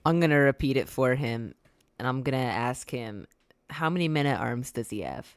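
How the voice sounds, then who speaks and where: A man playing a tabletop game, halting and unsure, stumbling over his words. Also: medium pitch, lively intonation, clear, resonant tone. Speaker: player. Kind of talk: casual tabletop play.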